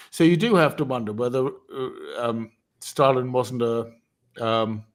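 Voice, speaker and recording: A man hosting a casual online chat. He speaks at an ordinary pitch and often stops and restarts mid-sentence, padding his thoughts with "uh" and "um". His delivery meanders before he reaches the point. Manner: halting, many fillers and restarts. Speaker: host.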